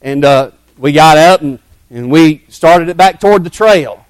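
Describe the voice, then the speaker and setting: A middle-aged man, telling a childhood story in a sermon in a folksy, dramatic way that drops to hushed tones. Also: fairly high pitch, measured pace, smooth, no room sound. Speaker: preacher telling a testimony.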